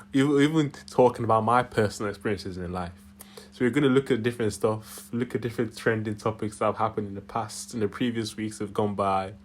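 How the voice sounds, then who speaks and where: Young man, Yorkshire accent with Nigerian tinge, lowish voice, rambling, chuckly, casual solo chat. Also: a little hiss or hum. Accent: Yorkshire English with a Nigerian tinge. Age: young adult. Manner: rambling, chuckling often, tag questions. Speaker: channel host. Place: his room.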